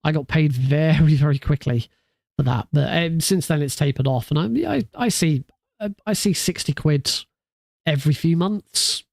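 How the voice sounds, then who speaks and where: Rambling man, somewhat high voice. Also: moderate pace, creaky, a little mellow, no echo, studio quality. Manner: rambling, loose and self-correcting. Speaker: streamer. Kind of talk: casual livestream chat. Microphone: studio mic through a mixing desk.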